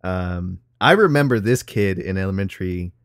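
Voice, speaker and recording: A man's voice: sits low, moderate pace, clean tone, no room sound, studio quality. A young man, chatting casually on a podcast, laughing and swearing freely. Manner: animated, laughing, swears freely, calls people dog. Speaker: podcast co-host. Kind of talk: casual chat.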